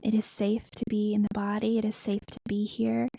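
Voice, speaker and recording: A woman guiding a meditation in a soft, slow, soothing way. She drops into whispers and chants in an invented light language. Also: medium pitch, completely flat delivery, gravelly, dry recording, poor audio. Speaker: guest spiritual healer. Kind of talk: guided meditation.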